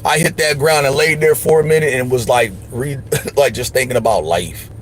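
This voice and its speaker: A man's voice: mid-range voice, normal speed, slight background noise. A man hosting a livestream, giving emphatic, slangy advice in casual chat. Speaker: livestream host.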